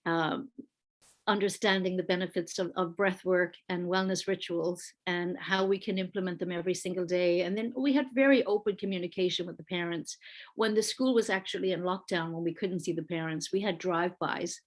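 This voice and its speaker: A woman's voice: lowish voice, steady tone, fairly quick. Woman presenting on a video call. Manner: earnest, conversational, with fillers and restarts. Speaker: early-years school leader presenting. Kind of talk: online panel presentation with slides.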